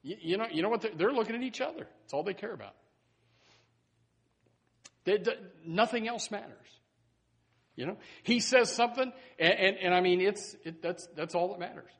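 A man preaching a sermon in a church, animated and full of stumbling restarts and repeated words. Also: sits high, moderate pace, pauses often, slightly rough. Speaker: pastor. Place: church sanctuary. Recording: long hall reverb.

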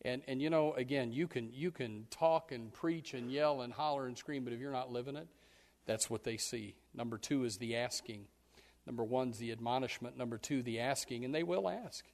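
A man preaching a sermon as pastor, folksy and animated, acting out scenes. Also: mid-range voice, normal speed, in a large hall. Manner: folksy, animated, acts out yelling parents and kids.

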